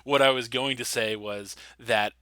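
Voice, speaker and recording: A man's voice: medium pitch, steady tone, measured pace, sharp tone. A man hosting a casual podcast discussion, earnest and emphatic, insisting on finishing his point. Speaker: podcast host.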